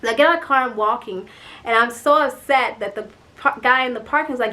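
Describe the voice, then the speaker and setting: Talking fast in a slightly high voice, a young woman vlogger recounts a story in an offhand, animated way. Her exasperation shows through frequent "like"s and light cursing.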